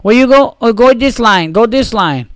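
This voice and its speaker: A man's voice: very high voice, lively intonation, normal speed, dry recording, voice pushed up. A man putting on a brusque older female airport worker with a Spanish accent who barks clipped, broken commands. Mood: impatient.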